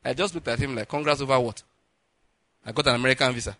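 A man's voice: medium pitch, fast, slight background noise. A man from Nigeria preaching, telling a personal story with lots of acted-out dialogue and frequent laughter. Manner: animated storyteller, acts out dialogue, laughs often. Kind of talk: sermon storytelling.

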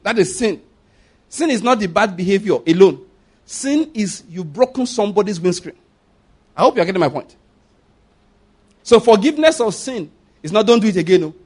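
High-voiced Nigerian preacher. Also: male voice, expressive, normal speed, pauses often, darkish tone, breathy edge. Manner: emphatic, rhetorical, acts out quoted pleas. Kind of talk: sermon.

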